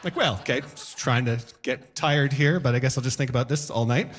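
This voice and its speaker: A man doing a stand-up set on stage before a live audience, animated, breaking into shouted voices and sound effects. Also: mid-range voice, a little fast. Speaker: stand-up comedian.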